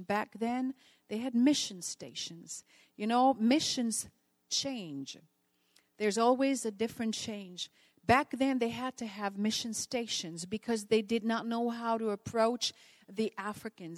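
A woman from the Netherlands preaches with earnest conviction, her voice a touch higher than most. She tells stories and turns to her listeners with questions. The sound is dry, with no room echo. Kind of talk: sermon.

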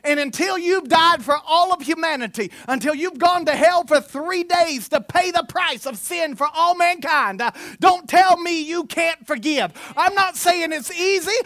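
A preacher giving an animated sermon, telling stories with humor and sometimes slipping into mock voices. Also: sits high, moderate pace, hardly any pauses, no echo, clean studio sound.

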